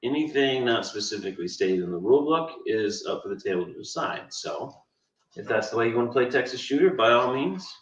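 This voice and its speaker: A man co-hosting a casual livestream chat, halting and repeating words as he explains. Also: medium pitch, expressive. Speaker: game designer co-host. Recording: distant roomy lo-fi mic.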